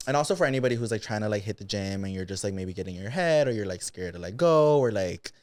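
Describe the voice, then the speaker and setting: A man's voice: fairly low pitch, quick pace, dry recording. A man co-hosting a podcast, chatting casually, joking and talking with many fillers. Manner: animated, jokey, hesitant with many fillers. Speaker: podcast co-host. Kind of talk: casual chat.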